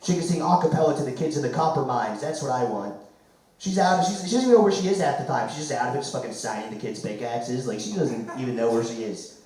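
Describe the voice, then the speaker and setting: A man doing a loud, crude stand-up set, his voice going hoarse. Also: medium pitch, quick pace, noisy background. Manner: loud, crude, rambling jokes. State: losing his voice. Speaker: stand-up comic. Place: comedy club stage. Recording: echoey room, mic far off.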